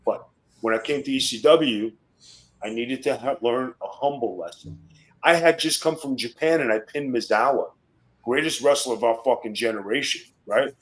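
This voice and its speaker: A middle-aged man, a guest on a podcast, telling wrestling stories in rough, swearing-heavy casual talk. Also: medium pitch, moderate pace, rough recording. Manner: profane, boastful storytelling.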